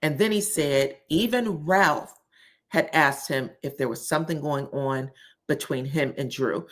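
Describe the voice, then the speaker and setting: Woman vlogger with a lowish voice, chatty and opinionated, recapping reality TV for her followers. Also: a little slow. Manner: chatty and opinionated, addresses viewers as "y'all". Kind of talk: casual recap vlog.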